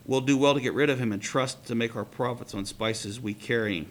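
A man's voice: mid-range voice, a little fast, close to an everyday voice. A man reading as a blunt caravan leader. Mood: dismissive. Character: dismissive male caravan leader, practical trader.

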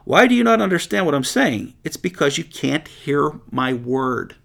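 Gravelly-voiced guy doing a bible study, chatty and animated, laughs a lot. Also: a little high, moderate pace. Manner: animated, laughs often, paraphrases scripture conversationally. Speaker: Bible teacher. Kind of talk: informal Bible study teaching.

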